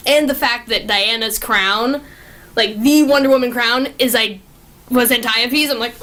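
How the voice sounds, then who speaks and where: A young woman with a bright, high voice chats casually about a film she loves. Her talk is excitable and gushing, peppered with swearing and constant fillers as she rambles from one favorite moment to the next. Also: moderate pace, slight background noise. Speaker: movie reviewer. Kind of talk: casual chat.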